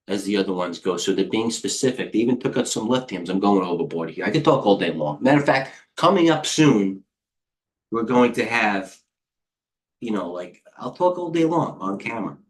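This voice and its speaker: A man coaching traders live, rambling quickly from one stock to the next and growing excitable as he goes. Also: lowish voice. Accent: American. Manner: rambling, excitable, jumps between tickers. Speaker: trading coach. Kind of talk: live market commentary.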